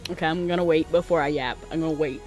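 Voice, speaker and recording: A woman streaming a game, chatting excitably and laughing often as she reacts to it. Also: low voice, fast talker, faint music behind. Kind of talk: casual gameplay commentary.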